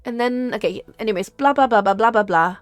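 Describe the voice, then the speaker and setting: A woman's voice: fairly high pitch, brisk, no room sound, faint music behind. Host streamer, woman, raised voice, reads aloud and laughs in disbelief, casual banter. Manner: incredulous, laughing, stumbling over words. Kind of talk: casual chat, reading a script aloud with reactions. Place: home streaming setup.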